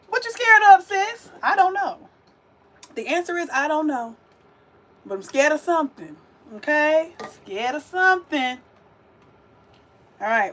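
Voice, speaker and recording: This is casual cooking chat from a young woman running a vegan livestream, addressing viewers head-on with plenty of sass. Her high voice is animated and a bit bright, delivered at normal speed over slight background noise.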